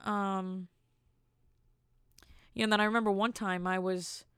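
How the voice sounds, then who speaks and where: Gravelly-voiced young woman rambling on her podcast. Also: medium pitch, no room sound, studio quality. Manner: rambling, self-amused, jokey asides. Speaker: podcast host. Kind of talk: casual solo podcast storytelling.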